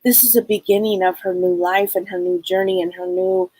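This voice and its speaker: A woman psychic medium on a live show, passing on messages in a halting, repetitive way and speaking them in the first person. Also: fairly low pitch, fairly even intonation, dark tone, dry recording, poor audio.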